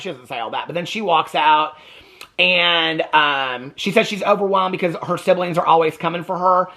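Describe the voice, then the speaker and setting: Guy with a bright clear voice chatting thru a reality show recap, lots of ums, acts out the quotes. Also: high voice, normal speed. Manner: chatty, animated retelling with quoted lines and frequent "um". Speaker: TV reaction vlogger.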